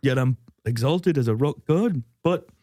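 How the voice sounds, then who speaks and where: A man's voice: medium pitch, expressive, moderate pace, warm tone, dry recording, studio quality, lightly acted. A man doing a rambling British rock star impression. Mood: mock-confessional. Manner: self-mocking, laughing through lines.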